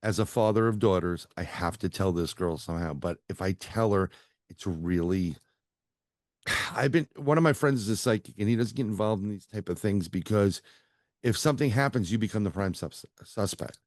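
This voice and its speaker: Middle-aged guy with a deep voice rambling through a story on a video call, dry sound. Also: normal speed, no echo. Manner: rambling, animated storyteller acting out quotes. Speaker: guest psychic medium. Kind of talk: casual storytelling interview.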